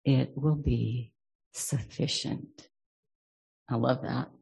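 A man's voice: mid-range voice, fairly even intonation, very slow, gravelly, a little mellow, breathy edge. A man teaching a reflective scripture study lesson. He reads verses aloud and then muses on them thoughtfully.

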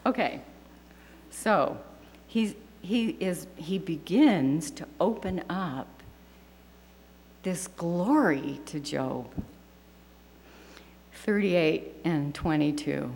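A woman's voice: lowish voice, animated, takes it slowly, pauses often, a little mellow. A woman teaching a scripture lesson to a class, reading verses aloud in an earnest, reverent way. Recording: long hall reverb with faint hum.

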